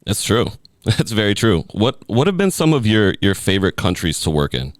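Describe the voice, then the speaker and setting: Deep-voiced male podcast host. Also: very animated, normal speed, no room sound, studio quality. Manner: enthusiastic, agreeing interjections. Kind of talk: casual interview chat.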